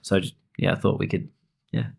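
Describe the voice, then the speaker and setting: A man's voice: sits low, expressive, fairly quick, creaky. A man co-hosting a podcast, giving casual motivational advice to real estate agents. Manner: motivational, peppered with "you know" and laughs.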